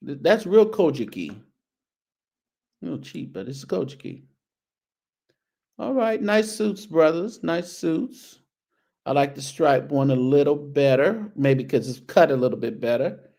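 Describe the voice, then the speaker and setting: A slightly high-voiced man hosts a show, reacting to outfits in a slow, drawn-out way. His pitch swoops up and down as he teases, weaving in churchy turns of phrase. The delivery is sassy, relaxed commentary. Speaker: show host. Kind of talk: casual fashion commentary on a video.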